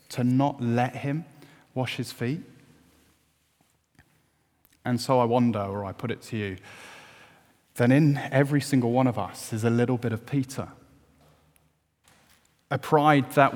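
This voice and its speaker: A man preaching a sermon, earnest and at times emphatic. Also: medium pitch. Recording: long hall reverb.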